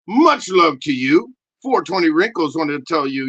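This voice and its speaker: Excitable high-voiced man, crude comedy rant. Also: normal speed, highs cut off. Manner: rambling, excitable, swings to shouting.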